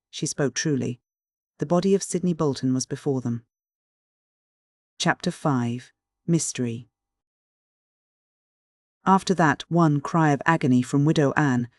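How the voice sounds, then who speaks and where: A man narrating a classic mystery audiobook in a measured, clear reading. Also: fairly high pitch, darkish tone, dry recording, studio quality. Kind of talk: scripted literary narration.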